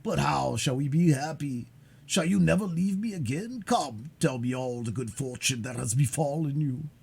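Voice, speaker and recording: A man reading aloud, voicing a frail, gentle old father who talks in a halting, stammering way. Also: medium pitch, creaky, slightly rough, pitched above the performer's own voice. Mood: tender. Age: older.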